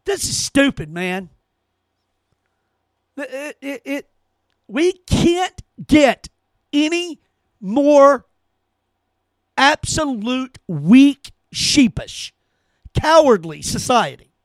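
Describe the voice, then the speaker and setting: Male host, very high and lively voice, heated profane rant, dry close sound. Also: drawn-out words, long pauses, dry recording. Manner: heated, cursing, emphatic repetition. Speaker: podcast host. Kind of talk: angry opinion rant.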